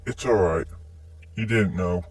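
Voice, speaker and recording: Quiet withdrawn teen boy, read by a man, slow and low-key, distant dry mic. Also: slightly rough, no room sound. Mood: subdued.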